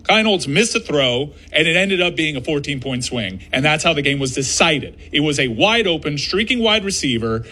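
A man's voice: fairly high pitch, animated, moderate pace, hardly any pauses, bright, forceful tone, husky. A male sports talk co-host making an insistent, detailed case about a football team.

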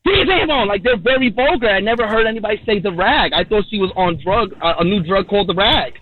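A man's voice: sits high, fast, no echo. A man from New York calling into a radio show as a guest, telling a comic personal story in a rambling way, full of "you know" fillers. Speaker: guest comedian. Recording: tinny phone line.

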